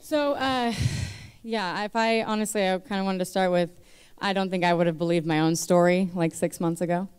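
A woman's voice: fairly low pitch, fairly even intonation, normal speed, a little mellow, clean tone. A young woman in her twenties sharing a candid personal testimony on a church stage into a microphone, nervous and chatty with many fillers. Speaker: church member giving testimony.

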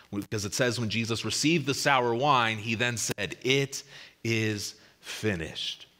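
A man preaching a sermon as pastor, swelling to loud emphasis and then dropping to a hushed close, sometimes repeating words as he restarts. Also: fairly low pitch.

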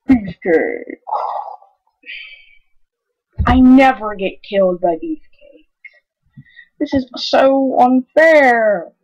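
A woman commenting on her own gameplay, excitable, yelping and crying out whenever something goes wrong. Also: mid-range voice. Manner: excitable, yelps and cries out at mishaps. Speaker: gaming channel host. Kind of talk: let's play commentary. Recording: dull lo-fi recording.

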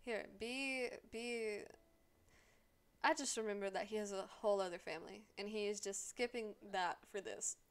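A woman's voice: mid-range voice, fairly even intonation, moderate pace, clean tone. A woman streamer chatting casually as she plays a life-sim game, sarcastic and swearing freely as she scolds the characters aloud.

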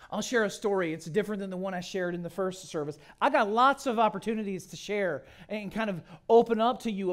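High-voiced man preaching dramatically. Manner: dramatic storytelling, swinging from loud to hushed. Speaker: guest pastor. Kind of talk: sermon.

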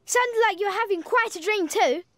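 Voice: very high voice, a little fast, no echo. A performer voicing a plucky, cheerful young rabbit in a cartoon, telling stories with eager energy. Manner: lively storytelling, eager. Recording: cartoon soundtrack with music.

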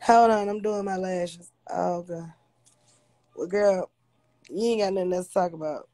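A woman's voice: on the low side, measured pace, mellow, no room sound. A woman hosting a casual livestream on her phone, blunt, profane and confrontational as she talks to viewers. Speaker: livestream host.

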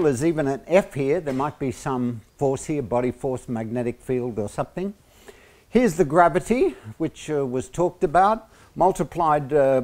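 A man with an Australian accent giving a university lecture, pausing often on fillers and slipping in joking asides. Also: on the high side, darkish tone.

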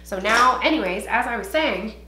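A woman's voice: fairly high pitch, animated, normal speed, bright, forceful tone, roomy sound, slight background noise. A young woman from Ohio doing a get-ready-with-me beauty vlog at home, rambling and swearing casually with lots of fillers. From Ohio, USA. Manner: chatty, profane, rambling with many fillers. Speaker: beauty vlogger. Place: home, indoors.

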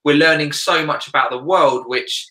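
A man's voice: on the high side, moderate pace, pushed and bright, roomy sound. A man speaking as a guest life coach in a casual interview, earnest and reflective, often searching for words.

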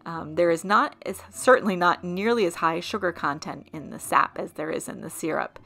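Gravelly-voiced woman narrating a vlog. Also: fairly low pitch, moderate pace, pushed and bright, soft background music. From southern Vermont. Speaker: vlog host. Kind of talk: scripted voice-over narration.

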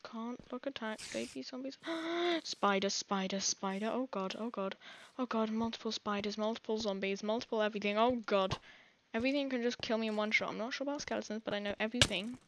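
A woman's voice: on the high side, steady tone, quick pace, a little hiss or hum. Jittery English woman narrating her gameplay. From England. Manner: jittery, rambling, constant panicked exclamations. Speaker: gaming channel host. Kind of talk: live gameplay commentary.

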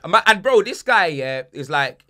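Young podcast host, bright and lively, full of slang and put-on voices. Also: male voice, a little high, moderate pace. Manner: animated, slang-heavy, acts out voices in his stories. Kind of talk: casual storytelling chat.

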